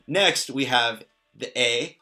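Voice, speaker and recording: A man's voice: medium pitch, slow, pushed and bright. A man explaining pronunciation in a casual lesson, patient and lightly joking. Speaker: language teacher.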